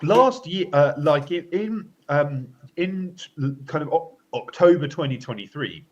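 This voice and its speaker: A man hosting a political commentary podcast, talking in a halting way with many fillers and restarts. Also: fairly high pitch, animated. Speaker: co-host. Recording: slightly dull lo-fi audio.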